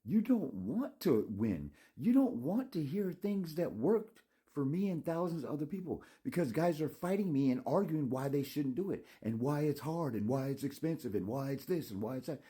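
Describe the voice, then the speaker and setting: A man's voice: medium pitch, big pitch swings, moderate pace, mellow. A man ranting to his viewers in a blunt, scolding, profane monologue, rambling with restarts and mocking asides. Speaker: father's rights consultant.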